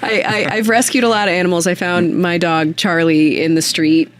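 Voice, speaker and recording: A woman hosting a casual interview, rambling with many fillers and acting out quoted voices in a much higher pitch. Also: steady tone, normal speed. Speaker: podcast host.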